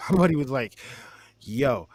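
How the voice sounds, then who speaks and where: Telling a rambling story full of profanity, this podcast host in his forties laughs while performing his friends' lines in a casual chat. He has a mid-range voice with lively intonation and a slow pace, and there's no room sound.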